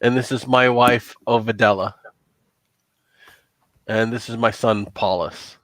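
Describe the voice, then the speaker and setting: A man's voice: mid-range voice, fairly even intonation, unhurried, fairly bright tone, dry recording, lightly acted. A man voicing a shaken, frightened homeowner who stammers and sounds close to tears. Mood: flustered. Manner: stammering, tearful, insistent.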